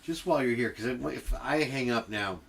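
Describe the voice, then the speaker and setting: Speaking fairly quickly in a creaky, medium-pitched voice, a middle-aged man hosts a livestream and spins a long, meandering tale full of swearing and tangents in an animated retelling. Slight background noise is audible.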